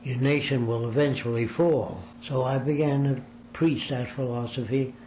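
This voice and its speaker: A man's voice: mid-range voice, fairly even intonation, normal speed, a little mellow. An older man in an interview, telling long stories about his life and acting out the people he quotes. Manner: rambling storyteller, acts out quoted voices. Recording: echoey room with faint ambient noise.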